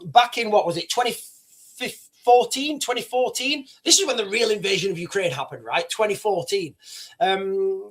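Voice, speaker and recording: Man, live stream host, high lively voice, repeats his points, casual chat to viewers. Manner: animated, repetitive, addresses chat as guys. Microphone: streaming setup microphone.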